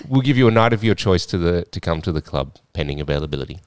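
A man co-hosting a podcast, calm and collected in casual chat. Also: sits low, fast talker, smooth, no echo, studio quality. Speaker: podcast co-host. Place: informal room without a sound studio.

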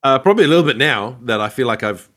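A man's voice: mid-range voice, expressive, fast talker, a bit bright. A man with a mid-range voice chats as a podcast guest, giving firm opinions in a loose, rambling way. He often restarts his sentences and drops in the occasional swear word. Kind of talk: casual chat.

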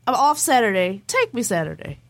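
A woman talking in a casual group chat. Her voice sits fairly high and swings widely as she tells a story. Her reactions are loud and exaggerated. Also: very animated, a little fast.

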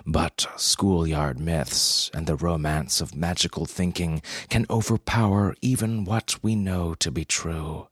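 A man reads a story in a deadpan, unhurried way. His voice is very low and husky, recorded dry. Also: dry recording. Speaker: narrator. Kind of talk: scripted story narration.

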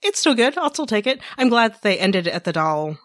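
A woman's voice: medium pitch, very animated, a little fast, dry recording, studio quality. A woman co-hosting a casual podcast chat, talking hesitantly with stumbles and self-deprecating asides. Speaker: podcast co-host.

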